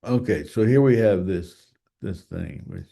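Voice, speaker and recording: A man delivers a mathematics lecture at a slow, halting pace, pausing on fillers and restarting his sentences as he thinks aloud. His voice sits low and sounds mellow rather than bright. At times he sounds farther off, as if turned toward the board. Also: gravelly.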